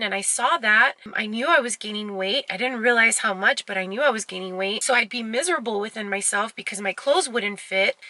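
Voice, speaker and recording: A woman's voice: on the high side, bright, forceful tone, no echo. A woman vlogging from home, speaking openly and confessionally in a conversational way with lots of fillers. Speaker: fitness vlogger. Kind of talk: candid personal vlog.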